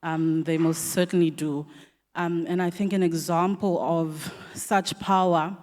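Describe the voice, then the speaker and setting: A woman's voice: fairly low pitch, fairly even intonation, unhurried, darkish tone. A South African woman, an assistant editor, thanking guests and giving remarks at a community dialogue, with many ums and restarts. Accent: South African English. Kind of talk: public vote of thanks and remarks. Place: hall at a community dialogue event. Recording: long reverb of a venue hall.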